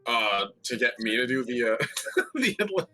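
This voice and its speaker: A man's voice: mid-range voice, measured pace, soft background music, poor audio. A man brainstorming a setting in casual chat, rambling with lots of fillers. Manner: rambling, filler-heavy, animated.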